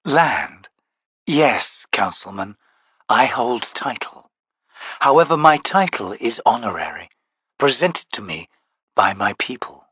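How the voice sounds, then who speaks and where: Narrator doing a quiet slow ancient lord, aloof and dry, bit husky. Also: male voice, medium pitch, very animated, dry recording, full character voice. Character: ancient towering male lord, calm and aloof. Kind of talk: audiobook character voice.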